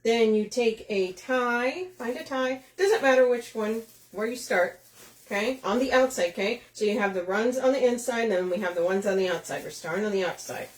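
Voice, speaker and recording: A chatty craft shop host with a slightly high voice runs a live craft demo at a moderate pace in an echoey room. She addresses viewers by name and laughs often.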